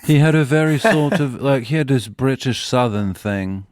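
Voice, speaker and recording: A man's voice: mid-range voice, expressive, normal speed, darkish tone, no echo, clean studio sound. A man appearing as a guest on a podcast, speaking in a thoughtful, rambling, casual way. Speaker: musician guest. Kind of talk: casual chat.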